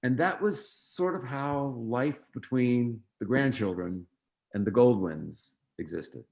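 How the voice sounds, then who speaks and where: A man guesting on an interview, telling family anecdotes in a relaxed way, acting out quoted voices, with frequent ums and restarts. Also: mid-range voice, slow, creaky. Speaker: interview guest, film producer. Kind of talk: storytelling in a conversational interview.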